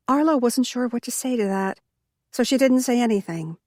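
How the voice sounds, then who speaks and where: A woman narrating a cozy mystery audiobook in a measured storytelling manner. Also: fairly high pitch, darkish tone, dry recording, clean studio sound. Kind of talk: scripted narration.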